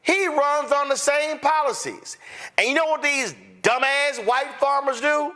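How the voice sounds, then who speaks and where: Male host, sarcastic and fiery, unhurried and emphatic. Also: very high-pitched, bright, forceful tone. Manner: fiery, sarcastic, mocking impressions. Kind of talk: animated political commentary.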